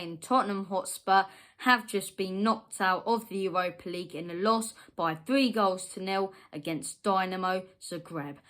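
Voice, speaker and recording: A woman hosts a football fan channel and delivers a furious post-match rant. Her voice is pitched in an ordinary middle range. She drops into low, gutted grumbling, then bursts out louder and higher, and she hammers her points home by repeating them. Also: unhurried. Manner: heated and exasperated, repeating points for emphasis; jumps from low grumbling to loud, high outbursts.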